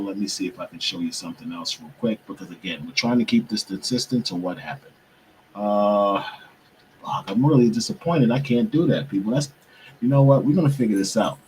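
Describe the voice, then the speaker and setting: A man's voice: on the low side, a little mellow, slight background noise, poor audio. A young man hosting a show, talking casually to viewers while he struggles with his computer, muttering and swearing to himself in frustration. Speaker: podcast host.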